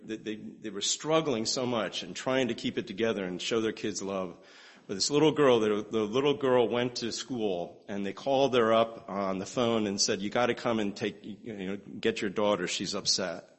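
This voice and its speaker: A man preaching a sermon in an earnest, halting way, often restarting his phrases as he retells a story. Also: mid-range voice, a bit bright.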